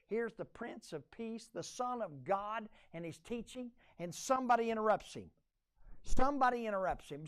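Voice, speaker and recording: Folksy pastor preaching. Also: male voice, sits high. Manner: folksy, conversational preaching with audience call-and-response. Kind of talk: sermon.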